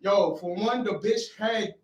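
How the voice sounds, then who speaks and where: A man telling an animated, swear-heavy story on a podcast and acting out the voices of the people in it. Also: sits high, a little slow. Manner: swears freely, acts out quoted voices. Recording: echoey room, mic a bit far, light noise.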